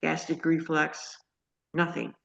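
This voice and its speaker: Low gravelly woman, halting and earnest. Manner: halting, many restarts and fillers; earnest and excited. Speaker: guest sharing a healing testimony. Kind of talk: casual storytelling. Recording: dull lo-fi audio.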